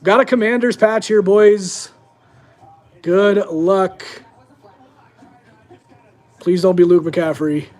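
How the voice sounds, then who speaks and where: A man's voice: high voice, fairly even intonation, slow pace, pauses often, darkish tone. A young man hosting a live-streamed sports card break, chatting casually to his viewers as he opens packs.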